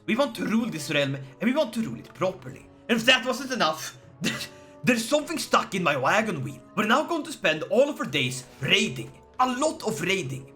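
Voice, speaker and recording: A man giving excitable, theatrical let's-play commentary over a strategy game, mock-heroic and quick to yell at his foes. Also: high-pitched. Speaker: gaming commentator.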